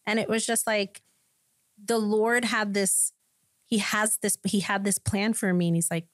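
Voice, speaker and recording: A woman pastor sharing a personal testimony in a podcast conversation, telling it with animated storytelling. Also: medium pitch, unhurried, no room sound, studio quality. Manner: animated storytelling, acting out quoted voices.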